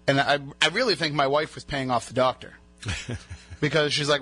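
A radio host with a medium-pitched, sharp-toned voice speaks at a moderate pace. He's chatty and rambles through stories in casual banter, his voice having just come back after being lost.

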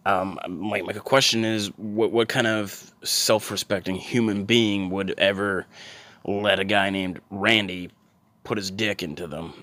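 A man doing a solo podcast, rambling casually with sarcastic, crude, deadpan humor. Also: on the low side, measured pace, no echo.

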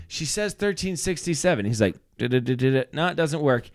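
Lively, animated male podcast storyteller. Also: a little high, a little fast, few pauses, dry recording, studio quality. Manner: animated storyteller acting out quoted voices. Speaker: podcast co-host. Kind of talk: casual storytelling chat.

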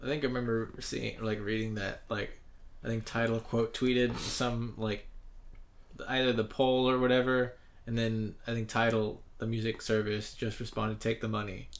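A man's voice: medium pitch, flat delivery, normal speed. A man co-hosting a casual podcast, laid-back, mostly chiming in with short replies. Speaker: podcast co-host. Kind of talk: casual chat.

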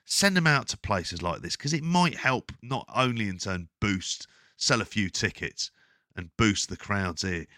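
A man co-hosting a casual wrestling podcast, talking in a sweary, rambling, animated way. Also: fairly low pitch, measured pace, dry recording, studio quality. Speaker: podcast co-host.

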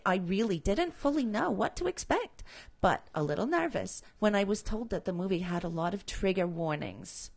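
A woman voicing a cheerful college-age young woman as she reads a listener's text aloud. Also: mid-range voice.

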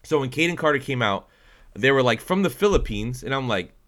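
A man's voice: mid-range voice, animated, fairly quick, a bit bright. Teasing, talkative man. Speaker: podcast co-host. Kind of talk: casual wrestling chat.

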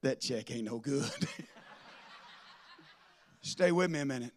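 A man preaching a sermon to a congregation, swinging from loud declarations to soft asides. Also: mid-range voice, slow pace. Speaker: pastor. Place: church with a congregation.

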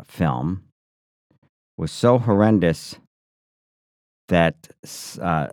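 A man co-hosting a casual podcast, with a very low voice and a tight, dry studio sound. He is opinionated and sarcastic and teases his co-host freely. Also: dry recording. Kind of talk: casual banter.

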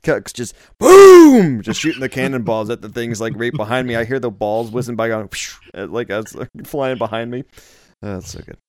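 A man's voice: medium pitch, a little fast, no room sound. A man hosting a casual gaming podcast, telling stories with frequent laughs. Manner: laughing, lively storyteller. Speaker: podcast host. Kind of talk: casual chat.

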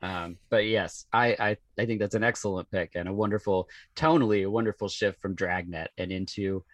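A man who is a guest on a podcast, chatting casually and telling animated stories with laughter. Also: lowish voice, brisk, dry recording. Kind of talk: casual chat about movies.

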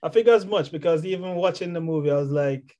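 Young man, easygoing, laughs often, higher voice, casual chat. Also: fast talker, a loud crowd. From Jamaica. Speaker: bobsled athlete guest.

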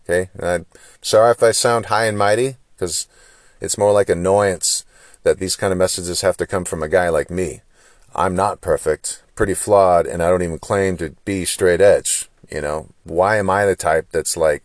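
Deep-voiced man lecturing in rhetorical questions. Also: steady tone, moderate pace, no echo, clean studio sound. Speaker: podcast host. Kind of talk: solo opinion monologue.

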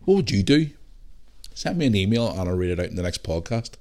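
Middle-aged Northern Irish man, solo podcast host, low voice, blunt sweary rambling, a bit worn out. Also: sing-song, brisk, mellow. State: tired, yawning. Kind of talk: casual solo podcast chat.

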